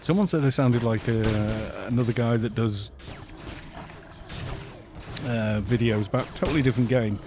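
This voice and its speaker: A middle-aged man from Wales with a mixed, softened Welsh accent, chatting casually on a gaming live stream, laughing often and grumbling at other players. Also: mid-range voice, moderate pace, long pauses, over music. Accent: mixed British with softened Welsh. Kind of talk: casual live-stream chat while playing.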